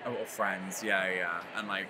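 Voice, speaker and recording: A man's voice: low-pitched, fairly even intonation, a little slow, background noise. A man, a musical's co-writer, chatting casually in an interview, rambling with lots of "like". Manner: rambling, heavy use of "like".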